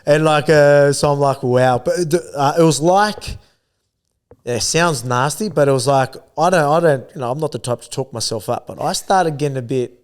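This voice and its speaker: An Australian athlete appears as an interview guest, talking in a casual, rambling way and filling gaps with "you know what I mean". His voice is a little high and his pace moderate.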